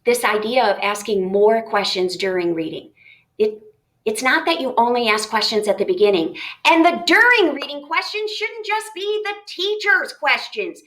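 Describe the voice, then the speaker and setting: A woman teaching a reading lesson to students, animated and asking them lots of questions as she explains. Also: on the high side, normal speed. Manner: lively, animated, talks straight to students with rhetorical questions.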